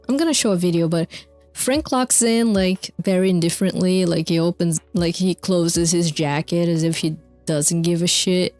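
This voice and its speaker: A woman's voice: lowish voice, darkish tone, dry recording. A young woman streamer casually recapping concert lore, rambling with fillers, swearing and laughing often. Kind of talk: casual chat over video clips.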